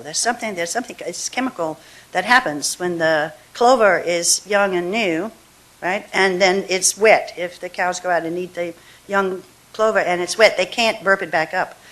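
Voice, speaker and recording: A woman poet at a live reading, talking casually between poems with fillers and restarts, then reading her verse slowly and deliberately. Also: on the low side, a bit bright. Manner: chatty asides, slow deliberate verse reading. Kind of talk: poetry reading with commentary. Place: university reading hall.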